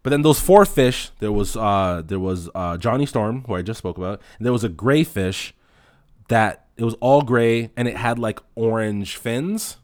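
A man hosting a casual solo podcast, telling profane stories in an animated way and acting out the dialogue. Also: on the low side, normal speed, no room sound, studio quality. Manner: acts out dialogue in anecdotes. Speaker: podcast host.

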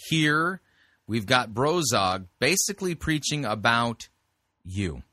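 A man's voice: medium pitch, big pitch swings, slow, bright, forceful tone, dry recording, studio quality. A man hosting a sermon review show, giving blunt, corrective commentary on a preacher's clip.

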